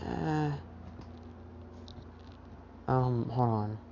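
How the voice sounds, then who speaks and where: A woman's voice: a bass voice, extremely slow, creaky, mellow. A woman casually narrating a fan what-if story, rambling with many fillers, on a dull lo-fi recording. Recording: dull lo-fi recording with faint hiss.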